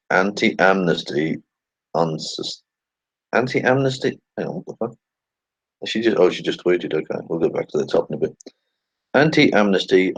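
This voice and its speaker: A man's voice: deep voice, slightly rough, no room sound, poor audio. A man hosting a casual commentary video, reading tweets aloud with sarcastic, swearing asides and muttered remarks. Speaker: channel host.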